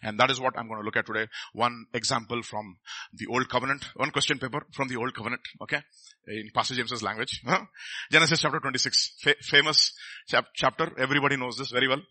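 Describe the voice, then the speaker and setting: A man's voice: medium pitch, steady tone, fast, sharp tone. A middle-aged man, preaching a sermon in a conversational way and often asking the congregation questions.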